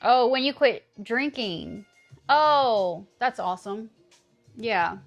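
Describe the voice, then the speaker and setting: Woman streamer in her 30s, teasing chat, kinda high voice, faint music under it. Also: takes it slowly, creaky, highs cut off. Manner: animated, teasing, swears casually.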